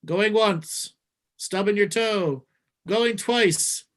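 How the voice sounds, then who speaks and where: A man with a fairly high voice co-hosts a comedy call-in show over a video call. He is blunt and cuts callers off without ceremony. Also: a bit bright. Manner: blunt, dismissive, quick to cut callers off. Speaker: co-host taking calls.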